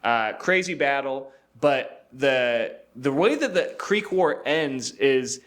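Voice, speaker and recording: A man's voice: mid-range voice, expressive, takes it slowly, a bit bright. A young man co-hosting a podcast, telling history in a loose, profane way, acting out quotes in jokey voices and laughing often. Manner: laughs often, many fillers and restarts. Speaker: podcast co-host. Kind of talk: casual history storytelling.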